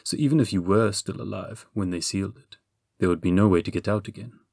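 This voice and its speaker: A man voicing a gloomy, henpecked young physician who grumbles quietly in a storybook reading. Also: low-pitched, brisk, gravelly, no room sound, studio quality. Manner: glum, grumbling, muttered.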